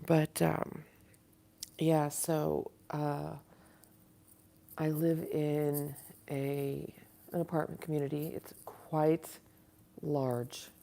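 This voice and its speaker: Low gravelly woman with a put-on Southern drawl. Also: level tone, drawn-out words, long pauses, mellow. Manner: rambling, chatty, laughs often. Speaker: livestream host. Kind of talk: casual livestream chat. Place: at home in an apartment. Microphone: device camera.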